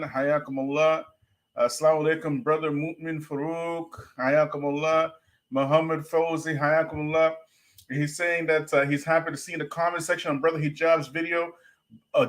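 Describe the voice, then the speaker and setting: A man's voice: on the high side, fairly bright tone. A man hosting a live-stream commentary show, greeting viewers by name with emphatic openings. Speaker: show host.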